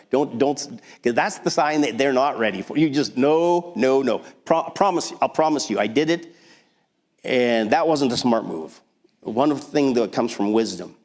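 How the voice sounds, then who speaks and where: A man preaching a sermon as pastor, talking in a conversational, animated way with frequent restarts. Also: medium pitch, normal speed. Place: church sanctuary. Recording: long hall reverb.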